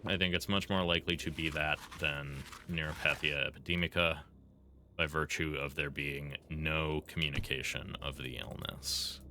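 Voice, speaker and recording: Sarcastic deep-voiced man gaming. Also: steady tone, moderate pace, sharp tone, a little hiss or hum. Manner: sarcastic, dry. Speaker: streamer playing a video game. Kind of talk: live gameplay commentary.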